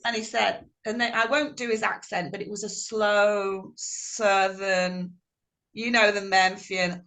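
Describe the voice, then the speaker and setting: In an unhurried, mid-range voice, a middle-aged woman who sings relates stories in a video call interview. She's warm and animated, performing the quotes she recounts.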